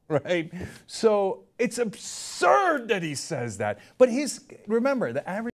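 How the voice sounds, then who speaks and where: Animated sarcastic male commentary host. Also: high voice, moderate pace. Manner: sarcastic, laughing, mocking impressions. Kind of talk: casual political commentary.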